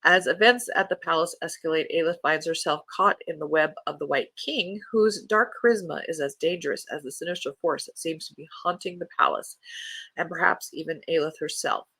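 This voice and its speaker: Gravelly, bright-voiced book podcast host. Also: mid-range voice, fairly quick, no room sound. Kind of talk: casual chat and reading book blurbs aloud.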